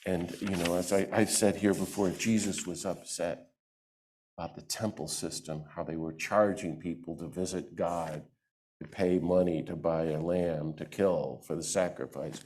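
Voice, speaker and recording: A man giving a lively talk to a church audience into a microphone, acting out the voices he quotes. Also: sits low, normal speed, a little hiss or hum. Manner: animated, acts out quoted voices. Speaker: guest speaker.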